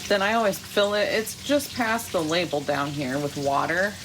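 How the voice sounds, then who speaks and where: Middle-aged woman, chatty home cooking vlog, low voice, noisy kitchen recording. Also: lively intonation, moderate pace. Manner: chatty, laughs often. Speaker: vlogger. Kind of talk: casual cooking vlog chat.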